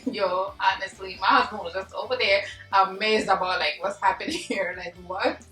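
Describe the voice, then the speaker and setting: A young woman vlogger telling a story casually and animatedly, full of slang and acted-out yelling. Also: mid-range voice, moderate pace. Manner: animated, slangy, acts out her own yelling. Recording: echoey room, mic at a distance, faint music.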